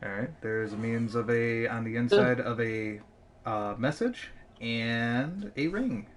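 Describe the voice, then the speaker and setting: A man of medium pitch narrating as game master, rambling through his descriptions with frequent filler phrases. He breaks into laughter often, and a faint noise sits under the recording. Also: slow. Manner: rambling, keeps saying "means of", laughs a lot.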